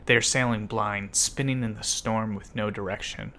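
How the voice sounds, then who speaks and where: A man's voice: on the low side, steady tone, normal speed, pushed and bright. A man giving scripted, vivid dramatic narration as a storyteller.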